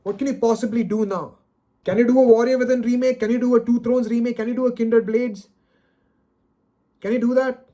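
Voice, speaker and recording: A very high-pitched, mellow, steady voice comes at a brisk pace with frequent pauses. The man, a video creator, rants alone on camera without a script, dejected and frustrated, sighing and stumbling over words he repeats in exasperation.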